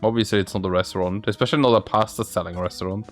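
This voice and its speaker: Talking very fast with fairly even intonation, a gaming channel host voices multiple characters in his let's play, changing pitch for each one's lines. Faint music can be heard behind him.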